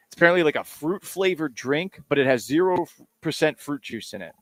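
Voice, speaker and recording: A man's voice: medium pitch, expressive, fairly quick, dry recording. A man hosting a sports radio show, talking casually in a sarcastic, rambling, self-mocking way.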